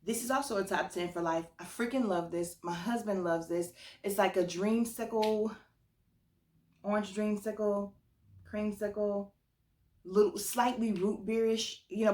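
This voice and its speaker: A woman's voice: mid-range voice, darkish tone. A woman hosting her own perfume channel, chatting casually and enthusiastically about her favorite scents, saying "like" a lot. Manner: chatty, enthusiastic, says "like" often. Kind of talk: casual chatty review vlog. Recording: echoey room, mic at a distance.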